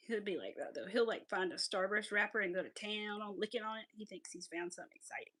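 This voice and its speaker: A woman's voice: medium pitch, fast, hardly any pauses, a bit bright. A woman, hosting a crochet livestream and chatting casually, often laughing and sometimes whispering while she counts stitches. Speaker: craft livestream host.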